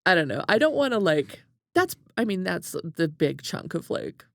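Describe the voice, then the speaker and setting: Female podcast co-host, gravelly and dry, chatty storyteller full of fillers. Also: lowish voice, moderate pace, no room sound. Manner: animated storytelling, many "like"s. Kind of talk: casual book chat.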